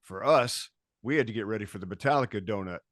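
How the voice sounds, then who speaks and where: Animated, swearing man on a podcast. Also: on the low side, quick pace, dry recording, studio quality. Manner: animated, acts out quotes, swears freely. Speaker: podcast guest, bass tech. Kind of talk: casual storytelling chat.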